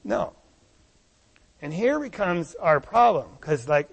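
High-voiced man preaching in a reverberant hall. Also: measured pace, vocal fry, pauses often, slightly rough. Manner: animated preaching, rhetorical questions to the congregation. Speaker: pastor. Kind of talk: sermon.

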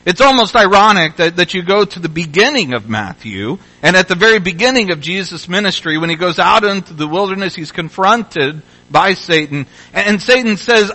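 A man's voice: sits high, lively intonation, normal speed, few pauses, bright, forceful tone, low-quality recording. A man from Louisville, Kentucky, preaching a sermon in a conversational way, with frequent restarts and bursts of rising exhortation. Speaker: pastor.

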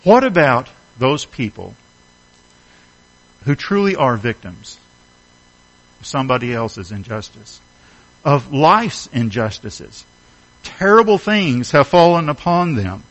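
Lively, emphatic man preaching a sermon. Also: mid-range voice, slow, long pauses, low-quality recording. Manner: earnest, emphatic preaching with rhetorical questions. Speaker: pastor.

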